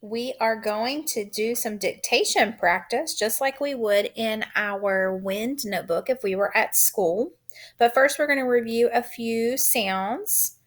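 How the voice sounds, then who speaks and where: A woman teacher giving a recorded phonics lesson to young children, sounding out letters slowly, clearly and patiently. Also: fairly high pitch.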